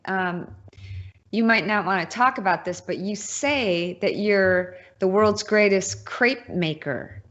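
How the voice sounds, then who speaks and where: A woman hosting a podcast interview, responding warmly and affirmingly to her guest. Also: mid-range voice, lo-fi sound. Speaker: podcast host.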